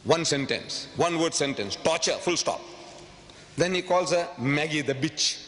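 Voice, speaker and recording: A man lectures an audience in a big hall, his somewhat high voice ringing out with a long echo and a faint hiss underneath. He argues emphatically and rhetorically, repeating phrases for effect and jumping from low asides to sharp, high bursts. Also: unhurried. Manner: swings from quiet asides to sudden high outbursts. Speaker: public speaker. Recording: long hall reverb, faint background noise.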